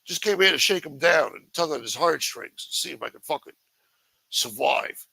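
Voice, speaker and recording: Guy doing a high whiny drifter voice, needy and shifty, wheedling. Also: lively intonation, moderate pace, vocal fry, bright, forceful tone, slightly rough, no echo, heavily acted, low-quality recording. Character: mocked rambling drifter man, needy and shifty.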